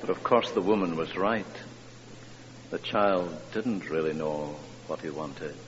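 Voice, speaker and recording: Guy preaching, slow and fired up, long echo in the church and a faint hum. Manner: impassioned, rising to high emphatic peaks. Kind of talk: sermon. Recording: dull reverberant church recording with faint hum.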